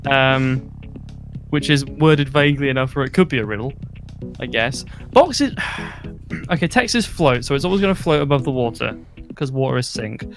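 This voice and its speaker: Playful gravelly-voiced male streamer. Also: mid-range voice, lively intonation, normal speed, soft background music. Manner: playful, reads viewer messages aloud. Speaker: streamer reading chat. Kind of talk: casual gameplay chat.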